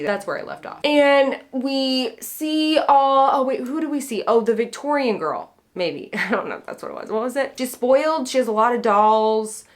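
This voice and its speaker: Woman book vlogger, chatty and playful, rambles with ums and excited asides. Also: on the high side. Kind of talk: casual chat to camera.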